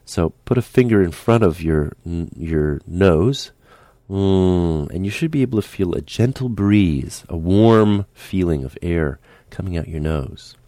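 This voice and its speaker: A man teaching a speech lesson, calm and patient, demonstrating the sounds aloud as he explains them. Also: deep voice, a little slow, no room sound.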